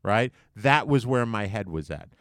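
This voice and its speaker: A man's voice: lowish voice, animated, measured pace, a bit bright, no room sound. A man co-hosting a podcast from a basement studio, casually telling a self-mocking story with lots of fillers. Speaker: podcast co-host. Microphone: large studio microphone.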